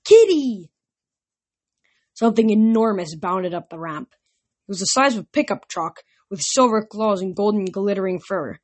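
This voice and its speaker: A woman narrating a novel aloud in a steady storytelling manner. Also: mid-range voice, normal speed. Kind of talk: audiobook narration.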